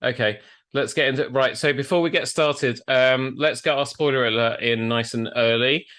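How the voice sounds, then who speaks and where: A man hosts a relaxed podcast over a video call. His voice sits in a middle register, and he talks in a chatty way and laughs easily between scripted bits. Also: medium pitch, normal speed. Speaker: podcast host and tailor. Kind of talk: casual podcast chat.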